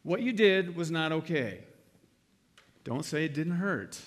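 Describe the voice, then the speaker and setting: A middle-aged male pastor delivering a sermon in a loose, conversational way, slipping into playful acted-out exchanges. His voice sits a little higher than most men's. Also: expressive, unhurried. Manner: conversational, acts out quoted exchanges with humor.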